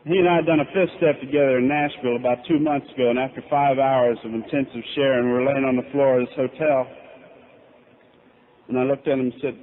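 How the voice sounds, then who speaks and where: A man's voice: mid-range voice, fairly even intonation, fast. A middle-aged man telling his recovery story at a convention, candid and self-mocking. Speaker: recovery speaker. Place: convention hall. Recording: tinny lo-fi tape with faint hiss.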